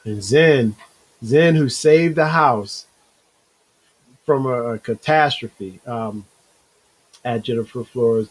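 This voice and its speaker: Male live-stream host, mid-pitched, husky voice, casual rambling chat with viewers. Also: slow, long pauses, poor audio. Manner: loose and rambling, calls viewers bro, reads chat comments aloud.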